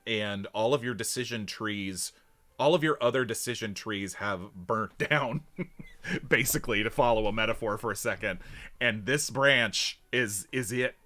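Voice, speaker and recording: Bright-voiced man, rambling and laughing. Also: lowish voice, moderate pace. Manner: rambling, laughs often, trails off mid-thought. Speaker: podcast co-host. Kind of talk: casual chat about a tabletop game.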